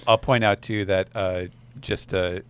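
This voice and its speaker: A man on a comic podcast, chatting casually and pointing things out with halting restarts. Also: deep voice, clear, resonant tone. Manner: hesitant, many restarts, then lively. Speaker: podcast guest. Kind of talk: casual chat.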